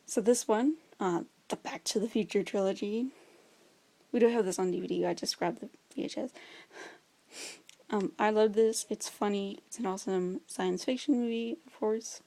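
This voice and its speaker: A woman's voice: medium pitch, moderate pace, gravelly, dark tone. A young woman chatting casually about her favorite movies, enthusiastic and full of fillers. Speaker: vlogger.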